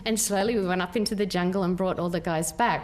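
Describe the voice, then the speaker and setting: A woman's voice: on the low side, darkish tone, a little hiss or hum. Earnest Australian woman telling a story. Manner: measured, earnest, with thoughtful pauses. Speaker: peace worker giving a talk. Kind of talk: public talk, storytelling.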